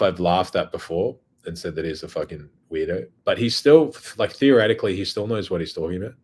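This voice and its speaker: Blunt, low-voiced, husky man. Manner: blunt and profane. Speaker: host. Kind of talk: casual monologue.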